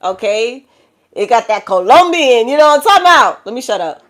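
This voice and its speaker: A woman with a New York accent giving a live tarot reading, lively and slangy, swinging between loud exclamations and low hushed stretches. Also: a little fast. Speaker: tarot reader.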